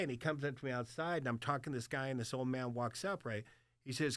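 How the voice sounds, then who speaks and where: A man telling stories as a guest in casual chat, animated and profane, laughing often. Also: medium pitch, quick pace, clean tone, no echo.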